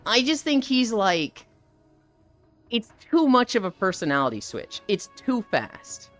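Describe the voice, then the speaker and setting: Speaking a little slowly, a young woman streamer with a voice on the high side rants about a game's story, with faint music behind her. The live-stream chat is casual and animated, and she swears freely.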